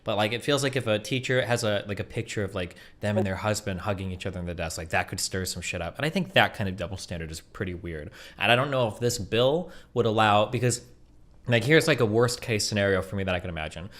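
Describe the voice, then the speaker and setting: A man's voice: lowish voice, fast, fairly bright tone. A man in his thirties, a streamer debating in a casual, blunt, profane way and reading out bill text.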